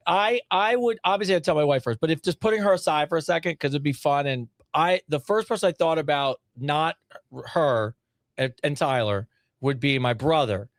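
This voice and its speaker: A man's voice: fairly high pitch, normal speed, dry recording, clean studio sound. A man co-hosting a podcast in casual chat, enthusiastic and acting out little scenes. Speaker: podcast co-host.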